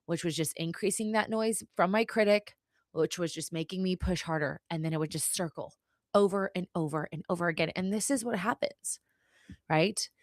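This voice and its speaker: Lower-voiced woman coaching on a live stream. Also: moderate pace, no room sound, clean studio sound. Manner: conversational, frequently checks in with "right?" and "okay?". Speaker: podcast host and mindset coach. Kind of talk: live-stream teaching talk.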